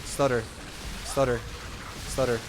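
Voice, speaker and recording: A man giving casual, energetic commentary while he plays and teaches a strategy game, talking bluntly and swearing now and then. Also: mid-range voice, a little slow, noisy background. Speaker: gameplay coach.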